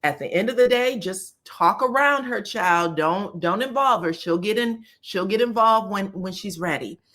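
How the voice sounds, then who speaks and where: A woman giving a casual, sassy recap of a reality show, animated, and slipping into the voices of the people she quotes. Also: medium pitch, normal speed. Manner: animated, sassy, slips into voices of the cast when quoting.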